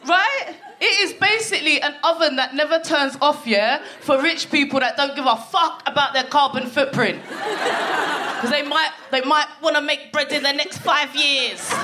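A woman in her forties performing a stand-up comedy set on a theatre stage, telling a story full of swearing and quick asides to the crowd. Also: high voice. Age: 40s. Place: theatre stage before a live audience. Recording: noisy live theatre recording.

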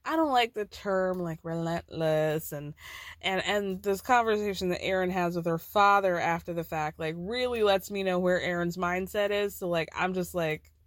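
On this clean, dry studio recording, a podcast host with a fairly low voice talks at a moderate pace. She recaps reality TV casually and chattily, sprinkling in lots of "like" and little laughs.

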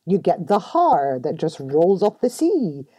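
A woman's voice: on the low side, very animated, a little slow, mellow, husky, dry recording. A middle-aged woman with a mainly American accent and a light Scottish touch, talking candidly as a podcast guest and laughing often. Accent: American-tinged English with a light Scottish touch. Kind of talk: casual interview talk. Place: home room.

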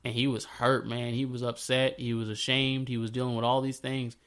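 Regular-pitched guy, super casual and slangy, telling a story and getting animated acting out the parts. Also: normal speed, clean tone. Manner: slangy, conversational, animated when retelling scenes. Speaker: speaker sharing a faith story. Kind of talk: casual spoken reflection.

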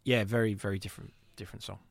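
A man hosting a casual radio music show, chatty and teasing, and quick to laugh. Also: fairly low pitch, little pitch movement, gravelly, no room sound. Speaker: radio host. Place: radio studio.

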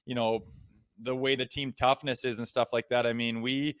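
A man in his thirties, a co-host and former hockey player, chatting casually and telling relaxed stories with some swearing. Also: mid-range voice, moderate pace, smooth, dry recording, studio quality. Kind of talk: casual podcast chat.

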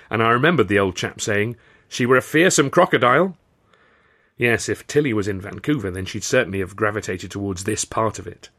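Low-voiced man reading a comic story. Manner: wry, gently comic narration. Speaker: author and narrator. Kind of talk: scripted first-person story reading.

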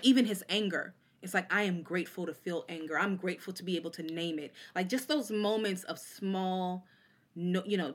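Low-voiced woman telling lively stories. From Oakland, California. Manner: animated storyteller, slips into quoted voices. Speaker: poet and guest. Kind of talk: casual interview storytelling.

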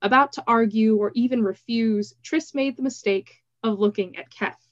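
A woman podcast host reading a novel excerpt aloud in a steady, even voice. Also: on the high side, moderate pace, dry recording. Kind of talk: book reading. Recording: slightly dull, dry recording.

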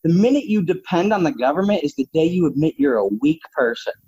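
A man's voice: sits high, very animated, brisk, dark tone, breathy edge. A man talking bluntly and combatively, swearing freely in casual opinionated talk. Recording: dull lo-fi sound.

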